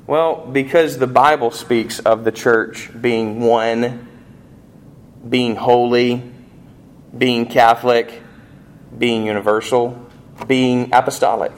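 A man preaching a sermon as pastor, animated, with rising emphasis and rhetorical questions. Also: mid-range voice, slow pace, pauses often.

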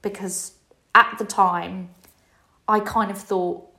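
A woman's voice: mid-range voice, fairly even intonation, takes it slowly, gravelly, pushed and bright. A woman in her forties, host of a podcast, telling a personal story in a candid, emotional, confessional way. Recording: roomy echo.

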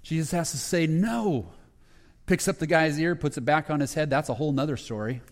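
A pastor telling a Bible story as a sermon, acting out the quoted lines and growing hushed at the tender moments. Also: male voice, a little high, a little fast. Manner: retells scripture with quoted dialogue, dropping to a hushed voice at emotional moments. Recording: long hall reverb.

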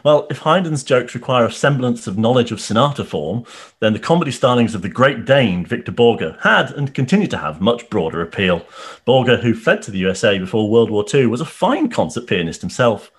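A man's voice: mid-range voice, very animated, a little fast, breathy edge. A man hosting an interview, reading a prepared introduction and asking his guest a question. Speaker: radio host. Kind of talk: scripted presenter link and interview questions.

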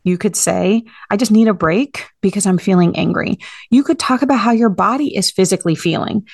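A woman's voice: mid-range voice, expressive, normal speed, darkish tone, dry recording, studio quality. A woman hosting a podcast, giving earnest, direct parenting advice in a coaching tone. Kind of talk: advice monologue.

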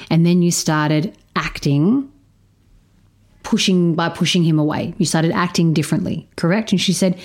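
A woman telling a personal story in casual, candid speech, swearing freely and acting out the dialogue. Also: a little mellow. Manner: candid, swears freely, repeats phrases for emphasis; acts out dialogue, voicing a girl higher. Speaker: storyteller sharing a parenting story.

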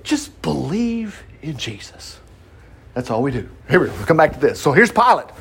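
A man's voice: a little high, animated, fairly quick, husky. A man leading a casual Bible study, reading scripture aloud and riffing on it in a folksy, conversational way with asides. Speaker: pastor. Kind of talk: informal Bible study sermon.

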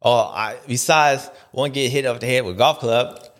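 A man's voice: medium pitch, moderate pace. A man hosting a casual, joking commentary, talking in slang and mimicking other people. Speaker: host.

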